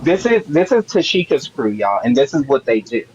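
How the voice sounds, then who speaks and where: A man's voice: mid-range voice, very animated, moderate pace, a little mellow. A man hosting a live stream, giving heated commentary with emphatic, repetitive build-ups. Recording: dull lo-fi stream audio with faint noise.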